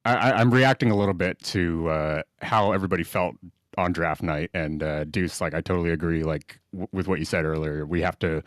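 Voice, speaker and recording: Deep-voiced eager man calling in. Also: a little fast, no echo, clean studio sound. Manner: eager, blunt, rambling. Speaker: call-in listener. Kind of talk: casual call-in chat.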